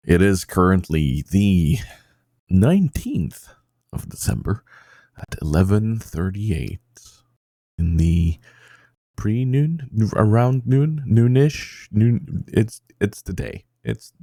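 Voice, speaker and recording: Very low gravelly male podcast host. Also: animated, slow pace, long pauses, dark tone, no room sound, clean studio sound, soft background music. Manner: rambling, self-deprecating, many fillers. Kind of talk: casual podcast chat.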